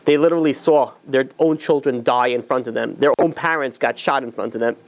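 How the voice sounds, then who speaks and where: A rabbi with a brisk, mid-range voice tells a long story loosely and conversationally, packed with fillers and restarts.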